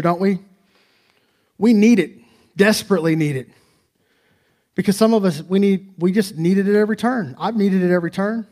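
A man's voice: high-pitched, darkish tone. A man preaching a sermon as pastor, emphatic and conversational, with frequent rhetorical questions to the congregation.

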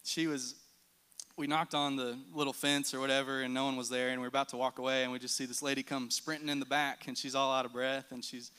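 A man's voice: mid-range voice, level tone, fast, sharp tone, smooth. A man giving a church mission report as an earnest storyteller. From United States. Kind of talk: church testimony talk.

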